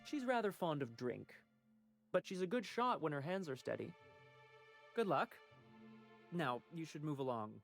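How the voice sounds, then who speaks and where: A refined, discreet informant. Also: male voice, a little high, very animated, moderate pace, creaky, long pauses, faint music behind. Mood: courteous. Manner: polite, formal, dryly ironic. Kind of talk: video game voice acting.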